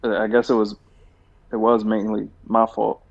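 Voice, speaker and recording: A man's voice: lowish voice, monotone, moderate pace, gravelly. Laid-back man co-hosting a podcast. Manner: laid-back, rambling, swears freely. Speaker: podcast co-host. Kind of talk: casual chat. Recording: dull lo-fi sound.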